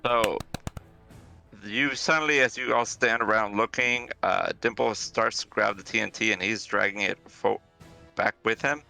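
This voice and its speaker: A man's voice: on the low side, normal speed, vocal fry, pushed and bright, soft background music. A man running a tabletop game as game master, casually counting out moves and narrating the scene. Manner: casual, counts out movement aloud.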